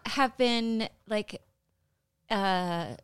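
Woman co-host, indignant and chatty, smooth slightly high voice, dry close mic. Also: drawn-out words, no room sound. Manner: indignant, conversational. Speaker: podcast co-host. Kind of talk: casual political chat.

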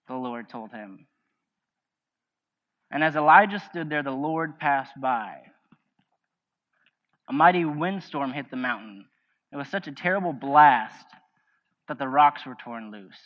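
A man's voice: medium pitch, animated, unhurried, long pauses. A man preaching a sermon, reading scripture and telling a personal story while asking the congregation questions. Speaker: pastor. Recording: dull lo-fi sound with faint music.

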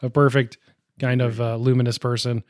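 Casting note: male podcast co-host, mid pitch, rambling and thoughtful, close dry mic. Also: little pitch movement, normal speed, a little mellow, no room sound. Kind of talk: casual movie discussion.

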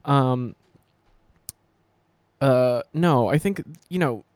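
A man's voice: medium pitch, very slow, a little mellow, dry recording. A man with an ordinary mid-range voice who trades dry, wry banter. He chats casually as a co-host. The mic is close and dry. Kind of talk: casual chat.

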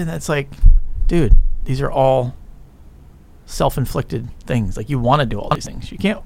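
A man hosting a podcast in a casual, ranting style, frank and profane as he tells animated stories. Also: mid-range voice, normal speed, vocal fry. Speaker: podcast host.

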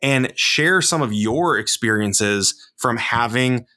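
A man's voice: mid-range voice, expressive, slow pace, sharp tone. A man in his thirties co-hosting a podcast, giving earnest, rambling advice to new fathers with plenty of fillers. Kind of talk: casual advice chat.

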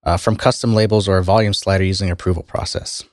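A man co-hosting a casual podcast who is losing his voice and keeps clearing his throat. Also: sits low, steady tone, fast, a little mellow, no echo, studio quality. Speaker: podcast co-host. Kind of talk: casual tech podcast chat.

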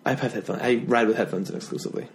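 A man's voice: mid-range voice, fairly even intonation, slight background noise. A young man from Florida with a slight New Jersey tinge, chatting casually and jokingly as a podcast host. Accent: slight New Jersey/New York tinge. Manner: joking, rambling, quick self-corrections. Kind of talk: casual chat.

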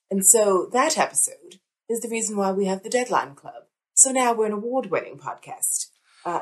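A woman co-hosts a podcast in relaxed chat, with a playful, upbeat manner. Her pitch swings widely and her intonation is very lively, though her pitch is average overall. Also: poor audio. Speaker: podcast co-host.

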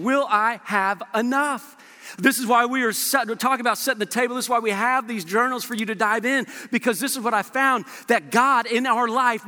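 A pastor in his thirties preaching a sermon, telling stories energetically with quick quoted asides. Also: sits high, pushed and bright. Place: church auditorium. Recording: echoey hall.

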